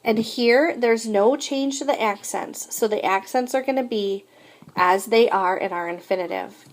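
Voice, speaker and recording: A woman's voice: medium pitch, unhurried. A woman teaching French in a recorded lesson, explaining verb endings patiently and modeling each conjugation aloud.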